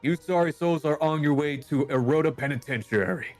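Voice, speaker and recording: A man's voice: a little high, brisk, darkish tone, faint music behind, close to an everyday voice. A man voicing a stern prison warden who gives a menacing speech to the prisoners. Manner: commanding, menacing.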